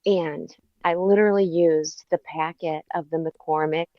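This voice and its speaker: A woman in casual stream chat, telling laid-back, deadpan stories and swearing casually. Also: deep voice, unhurried, no echo, highs cut off.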